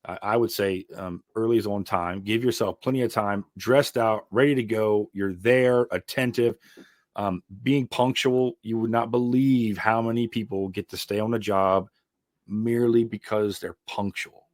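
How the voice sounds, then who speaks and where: A man's voice: fairly low pitch, fairly even intonation, moderate pace, no room sound, studio quality. A man who is an ironworker and mentor, a podcast guest, giving earnest, emphatic advice with frequent fillers. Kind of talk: casual interview chat.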